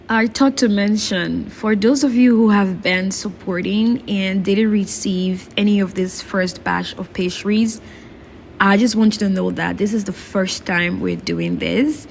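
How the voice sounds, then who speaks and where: A woman's voice: medium pitch, fairly even intonation, unhurried, vocal fry, slight background noise. Earnest grateful woman vlogger. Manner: earnest, grateful, repeats her thanks. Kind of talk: heartfelt vlog talk to viewers. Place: in China.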